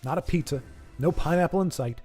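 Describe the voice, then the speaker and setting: A man hosts a live stream of card games from home, talking in a fairly high voice. He jokes and rambles with his viewers, often stuttering over the same word before getting it out. Quiet game music plays behind him. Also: a little fast. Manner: joking, rambling, stammers and repeats words. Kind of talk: casual live-stream commentary and chat.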